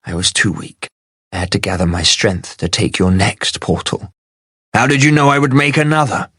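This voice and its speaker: A proud sorceress who guards her secrets and sounds worn down, read out by a man in his own low voice. Her words come cold and close, with no room sound around them. She sounds like a figure in a spoken fantasy novel. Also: steady tone, normal speed, fairly bright tone, slightly rough, no echo. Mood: weary. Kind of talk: audiobook character voice.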